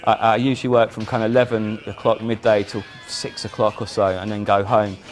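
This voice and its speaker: A man, a musician guest in a casual chat, telling animated stories with frequent restarts. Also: on the low side, a little fast, a little hiss or hum. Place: indoor chat.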